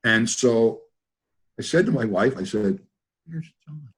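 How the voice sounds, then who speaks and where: An older man telling rambling stories in a casual, animated way over a video call. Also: lowish voice, measured pace, slightly rough. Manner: animated, rambling, repeats himself. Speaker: guest trainer. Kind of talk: casual storytelling.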